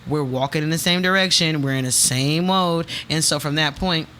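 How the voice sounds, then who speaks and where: A woman chatting casually on a podcast, telling stories in slang with lively quoted asides. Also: low voice, normal speed, a little hiss or hum. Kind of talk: casual chat.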